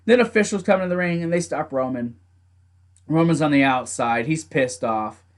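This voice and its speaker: A young man casually recapping a wrestling event, animated, laughing often and acting out the wrestlers' lines. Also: a little high, normal speed. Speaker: wrestling show reviewer. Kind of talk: casual recap with acted quotes.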